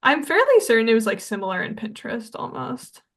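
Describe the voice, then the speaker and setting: A woman's voice: on the high side, big pitch swings, a little fast, creaky, a bit bright. A young adult woman co-hosting a podcast, retelling a film in a chatty way, full of "like" and acted-out quotes. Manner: chatty storyteller, many "like"s, acts out quotes. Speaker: podcast co-host. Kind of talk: casual chat.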